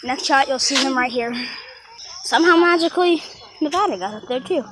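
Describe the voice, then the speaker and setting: A teenage girl vlogging outdoors with her dogs, excitable and out of breath, calling them loudly. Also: high-pitched, fairly quick. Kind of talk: casual dog vlog. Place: outdoors at a park. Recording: noisy outdoor phone recording.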